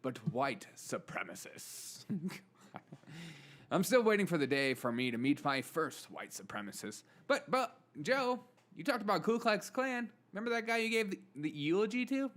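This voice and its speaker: A man's voice: sits high, fairly bright tone. Chuckling, sarcastic male commentary host. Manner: chuckles often, mocking asides. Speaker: show host.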